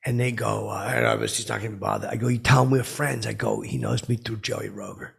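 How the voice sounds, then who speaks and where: A man's voice: lowish voice, fairly even intonation, quick pace, creaky, husky, full character voice. A man playing a boastful, clueless braggart in an improvised comedic monologue, rambling and repeating himself as he spins tall tales. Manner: rambling, self-aggrandizing, repeats "I go".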